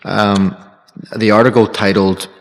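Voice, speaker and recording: A man's voice: on the low side, level tone, measured pace, vocal fry. A young man moderating a live dialogue, posing formal questions with hesitant ums. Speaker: student society moderator. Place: college chapel. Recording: chapel with long reverb.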